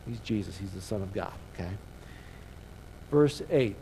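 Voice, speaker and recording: This pastor's medium-pitched voice has a dark tone, and he talks quickly and expressively. He leads a conversational sermon with rhetorical questions, calling on the audience to say key words back to him. Slight background noise is audible, and the recording is low quality.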